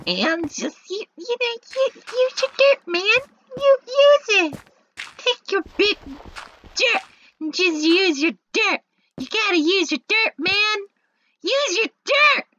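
Woman doing a squeaky, drawling slacker dude, slow and swooping, for a game commentary bit. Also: sing-song, sharp tone, highs cut off, a little hiss or hum, heavily acted. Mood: goofy. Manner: drawled, repetitive catchphrase.

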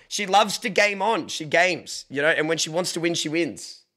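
A young man streams from home on a desk microphone. His voice is bright and sits somewhat high. He chats casually, jokes with chat and breaks into playful shouts. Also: normal speed. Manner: animated, joking, bursts of mock shouting. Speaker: livestreamer.

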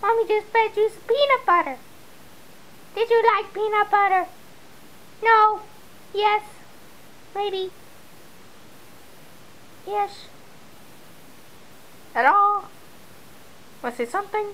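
Woman, home video, very high sing-song baby talk to her dog, swooping and unhurried. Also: animated, a bit bright, rough recording. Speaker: pet owner filming her dog.

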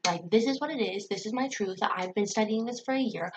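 A young woman telling a personal story in a casual vlog, excitable, swearing and full of filler words. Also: medium pitch, brisk, muffled recording, background noise. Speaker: vlogger.

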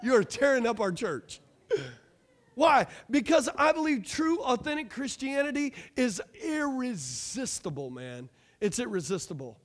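A man pastor preaching a lively sermon with rhetorical questions, asides and jokes to his congregation. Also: very high voice, unhurried.

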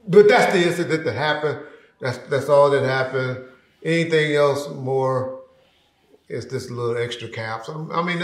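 A man telling a story as an interview guest, casual and slangy, acting out other people's lines loudly and trailing off into low mutters. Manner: animated, acts out quotes loudly; slangy, drops to a mutter at ends of phrases. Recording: roomy echo.

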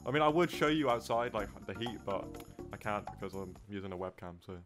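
Joking young British man with lively pitch. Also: quick pace, loud music behind the voice. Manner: deadpan joking, swearing, bursts of loud exclamations. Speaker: host. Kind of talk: casual video chat trolling.

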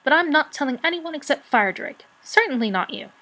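A woman's voice: high voice, animated, normal speed, fairly bright tone, husky, pitched above the performer's own voice, heavily acted, low-quality recording. A woman voicing a fussy, peevish little female rat who grumbles and hisses crossly. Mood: agitated.

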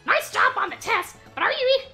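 A woman voicing a crude, excitable little mushroom man during a game livestream. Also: very high voice, brisk, soft background music, pitched above the performer's own voice, full character voice. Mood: squawking. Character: squeaky foul-mouthed little mushroom man.

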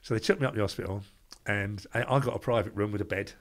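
An older man with a London accent telling lively stories as an interview guest, acting out the voices of people he quotes and laughing at his own tales. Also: fairly low pitch, rapid-fire. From England. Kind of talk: anecdotal storytelling.

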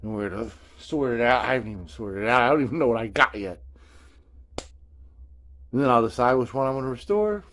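A man talks to his viewers in a loose, rambling storytelling way. He is slangy and profane and keeps tagging "man" onto his sentences. His voice sits at an ordinary middle pitch. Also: expressive, a little fast, pauses often, a bit bright, slight background noise. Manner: slangy and profane, keeps saying "man" and "you know what I'm saying"; laid-back storytelling. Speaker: video host. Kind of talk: casual rambling vlog.

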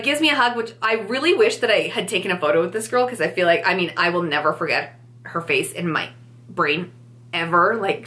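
Young woman vlogger, pregnant, lively storyteller; bright, slightly high voice. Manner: animated, chatty, acts out quotes. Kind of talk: casual storytelling to camera.

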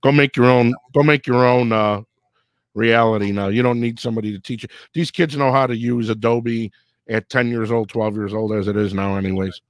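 A man in his fifties from Chicago, hosting a casual chat as an animated, jokey storyteller. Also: mid-range voice, fairly quick, no echo. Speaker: host.

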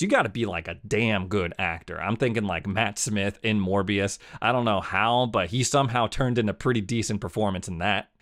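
A man hosting a casual video essay, talking in an opinionated, conversational way with lots of "like" and "man". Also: on the low side. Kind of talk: casual commentary.

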